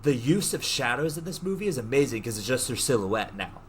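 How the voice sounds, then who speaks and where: Male podcast host, mid-pitched, animated storyteller, casual and profane, faint hiss behind. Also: a little fast. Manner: animated storyteller who swears freely and acts out quotes. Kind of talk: casual chat retelling a movie plot.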